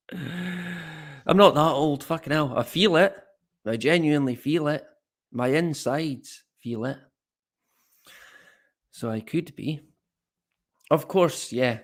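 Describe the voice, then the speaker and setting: A man talks slowly and loosely on a live stream, scoffing at the stories he brings up. His pitch sits in the middle range for a man. He drifts between topics and now and then reads lines from the chat. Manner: mocking, rambling, swears casually. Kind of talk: casual live stream commentary, reading chat.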